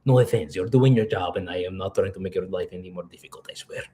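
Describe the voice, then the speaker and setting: A man's voice: low voice, fast, mellow, lightly acted. A man voicing a shady male alien crook who pleads his innocence in a rambling way with a put-on accent. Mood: pleading.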